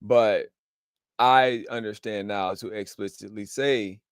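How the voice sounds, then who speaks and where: Laid-back low-voiced man, dry sound. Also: fairly even intonation, slow, clear, resonant tone, no room sound. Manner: laid-back, thoughtful, slangy. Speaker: event organizer and host. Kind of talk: casual podcast chat.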